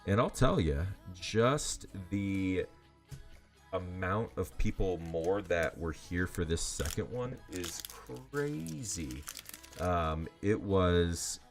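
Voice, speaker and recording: A man's voice: low-pitched, expressive, slow, soft background music. A man selling trading cards on a livestream in casual, rambling chat full of fillers. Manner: rambling and chatty, heavy on fillers. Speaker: livestream card seller.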